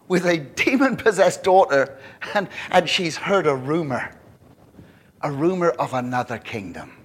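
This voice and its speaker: A man preaching a sermon, animated and emphatic, with frequent restarts. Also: medium pitch. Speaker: pastor.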